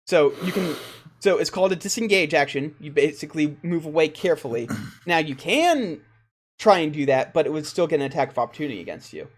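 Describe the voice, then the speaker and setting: A man acting as dungeon master, patiently explaining the rules to his players and quick to laugh. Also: on the high side, animated. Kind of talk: running a tabletop game.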